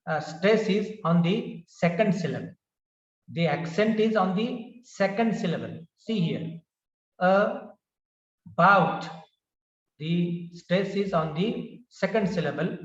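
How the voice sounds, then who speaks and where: A man's voice: sits high, animated. A man with an Indian English accent, teaching English pronunciation by reading word lists aloud one word at a time and briefly explaining stress. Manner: reads word lists slowly with pauses, adds short explanations with fillers. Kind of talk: slow word-by-word pronunciation drill. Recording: dull, roomy, slightly distant mic.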